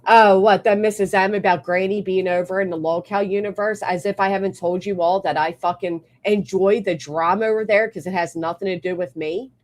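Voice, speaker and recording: A woman's voice: mid-range voice, fairly even intonation, fairly quick, hardly any pauses, a little mellow. A woman livestreamer ranting bluntly with plenty of swearing, between thanking her members. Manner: blunt, profane, fired-up. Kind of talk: live stream rant and member shout-outs.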